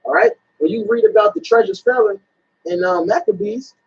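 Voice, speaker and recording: A man's voice: sits high, expressive, brisk, creaky, husky. A man talking bluntly and profanely in a casual religious discussion among friends. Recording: dull lo-fi recording.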